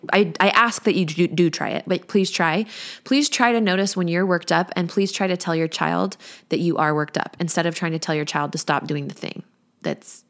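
A woman in her thirties, a parenting coach, talking candidly and chattily in a reflective podcast chat. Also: fairly low pitch. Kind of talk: casual podcast talk.

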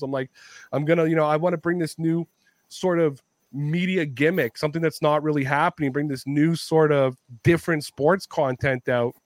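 A man hosting a podcast, telling stories in a lively, profane way and often laughing. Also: fairly high pitch, no room sound. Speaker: podcast host. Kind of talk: casual storytelling chat.

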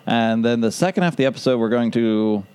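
A man's voice: medium pitch, expressive, fast talker, a little mellow, smooth. A man co-hosting a casual podcast, rambling through his ideas and laughing at them. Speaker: podcast co-host.

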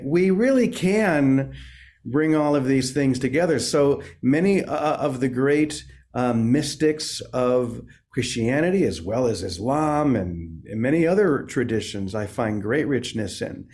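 A man who is a priest and author, talking gently and reflectively about faith, with many small restarts. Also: medium pitch, expressive, a little slow, hardly any pauses. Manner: gentle, searching, with frequent restarts. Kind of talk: reflective spiritual interview.

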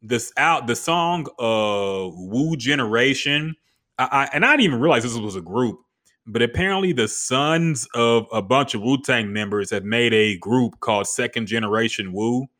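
A man's voice: mid-range voice, animated, normal speed, sharp tone. A man co-hosting a casual podcast chat, laid-back and joking, often saying "man". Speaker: podcast co-host.

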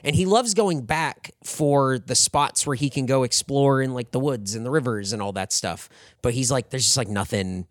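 A man's voice: medium pitch, normal speed, no room sound, clean studio sound. A man in his thirties co-hosting a podcast, telling stories in a rambling, casual way full of "like". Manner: rambling, lots of "like", animated retelling with laughs. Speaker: podcast co-host. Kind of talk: casual storytelling chat.

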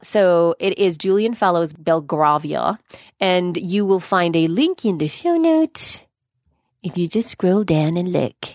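A woman co-hosting a podcast in casual chat, chatty and excitable, often saying "dude". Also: fairly low pitch, slow, dry recording, clean studio sound. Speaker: podcast co-host.

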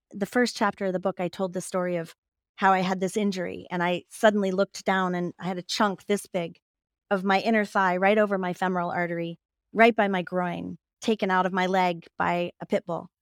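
A woman talking as an interview guest, a physician and author, telling stories with lively laughter. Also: medium pitch, no echo, studio quality. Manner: lively storyteller who laughs and acts out quoted voices. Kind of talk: casual interview conversation.

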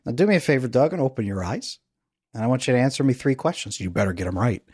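Playful energetic man coaching on a podcast. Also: mid-range voice, fast, breathy edge, dry recording, clean studio sound. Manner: energetic, playful, guides listener through an exercise. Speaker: podcast guest, attachment coach. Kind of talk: conversational interview.

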